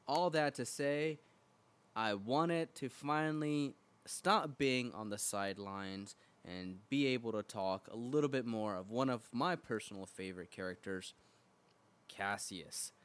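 Man leaving a fan voicemail. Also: lowish voice. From Kentucky. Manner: friendly and rambling fan praise. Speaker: voicemail caller. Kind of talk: recorded voicemail message.

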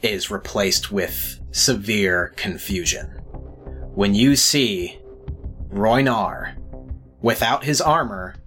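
A woman narrating as game master in a tabletop game, in a relaxed, drawn-out way. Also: rumbling low. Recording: faint music behind.

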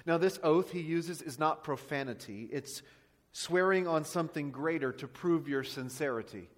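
A man preaches from the pulpit in a booming, dramatic voice, dropping low and then surging loud again. His voice sits a little higher than most men's. The sound rings with the long reverb of a church sanctuary. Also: moderate pace. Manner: booming preacher voice, swings between loud and quiet. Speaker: pastor. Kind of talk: sermon.

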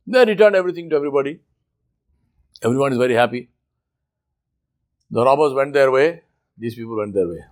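A man's voice: expressive, a little fast, long pauses. A man preaching a sermon, telling a story emphatically and dramatically, with Arabic religious phrases woven into his English. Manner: emphatic, dramatic storyteller with wide swings in pitch and loudness.

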